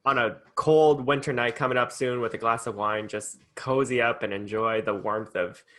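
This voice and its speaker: A man's voice: mid-range voice, steady tone, normal speed, fairly bright tone. A man co-hosting a podcast in casual chat, chatty and enthusiastic, with many fillers. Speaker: podcast co-host.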